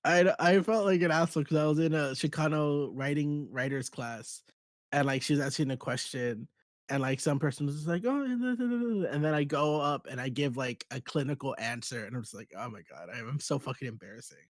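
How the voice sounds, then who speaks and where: A young man on a podcast who tells stories animatedly, slipping into voices for the people he quotes and swearing as he goes. His voice sits a little high for a man. The sound is close and dry, with no room around it. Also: moderate pace, no echo. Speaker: podcast co-host. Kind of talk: casual chat.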